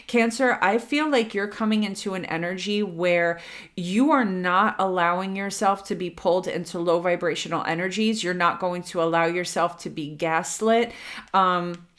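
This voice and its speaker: A woman's voice: on the low side, moderate pace, fairly bright tone. A woman giving a casual, chatty tarot reading to her viewers, with many fillers, who acts out little quotes. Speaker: tarot reader.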